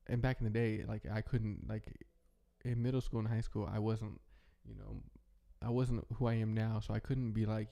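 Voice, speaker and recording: A man hosting a casual, rambling monologue, talking in a relaxed way with many restarts. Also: on the low side, moderate pace, vocal fry. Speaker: host.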